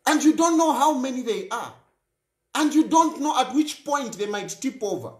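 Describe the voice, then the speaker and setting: A man's voice: very high voice, lively intonation, normal speed, roomy sound. A Zambian man hosting a talk show, speaking in an impassioned political monologue and repeating phrases for emphasis.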